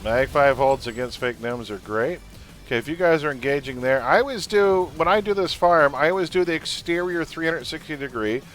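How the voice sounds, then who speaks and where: A man's voice: fairly high pitch, fairly bright tone. Chatty man streaming a game over music. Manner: chatty, blunt, venting with laughs. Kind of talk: casual gaming livestream chat.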